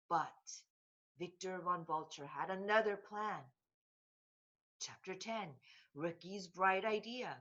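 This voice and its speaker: A woman reading a children's book aloud in a slow, expressive voice. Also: fairly low pitch, dull audio. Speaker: storybook reader.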